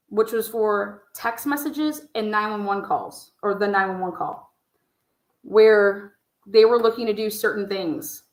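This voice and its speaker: A woman riffs through a casual livestream on true crime, blunt and profane, wandering from point to point with fillers. Her voice sits at an ordinary middle pitch. The room around her echoes. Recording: roomy echo.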